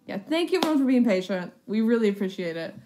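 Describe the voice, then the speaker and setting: A woman's voice: a little high, big pitch swings, fast, warm tone, soft background music. Gushing woman reading on a live stream. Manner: gushing, chatty. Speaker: streamer and story reader. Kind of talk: live stream reading a story game aloud.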